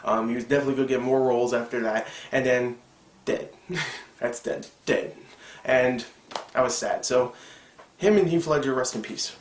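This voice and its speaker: A man's voice: medium pitch, a little fast. Rambling young man reviewing TV in an echoey room. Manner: rambling, excitable, frequent fillers and asides. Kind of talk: casual video review. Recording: echoey room with faint background noise.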